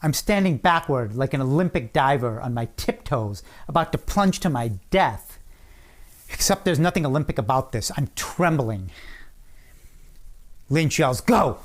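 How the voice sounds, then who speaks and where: A middle-aged man giving a commencement speech, telling a personal story with dramatic pauses and acted-out shouts. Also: medium pitch, animated. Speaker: commencement speaker.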